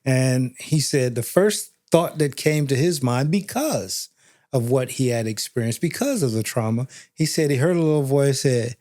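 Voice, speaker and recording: A man co-hosting a podcast, talking in a measured, reflective way and unpacking a guest's story. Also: mid-range voice, animated, a little mellow, no echo, clean studio sound. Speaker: podcast co-host. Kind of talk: conversational podcast chat.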